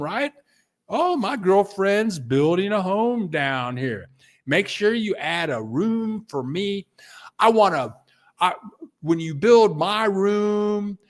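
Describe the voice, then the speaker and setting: An older man talks in a relaxed live-stream chat. His voice sits a little high, and he tells his stories at an unhurried pace with a very animated, swooping pitch. He stops now and then to read viewer comments aloud. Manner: storytelling, reads viewer comments aloud, chuckles. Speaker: vlogger.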